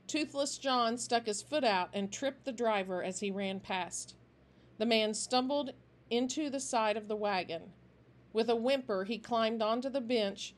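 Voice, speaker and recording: A woman reading a children's novel aloud in a steady, expressive way. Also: mid-range voice. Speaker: storybook reader.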